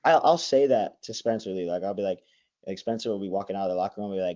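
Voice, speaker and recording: A man's voice: fairly low pitch, very fast, dark tone. A young man in his twenties, a college wrestler, chatting as a guest in a rambling way, full of likes and restarts. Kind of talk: casual interview. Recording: dull lo-fi sound.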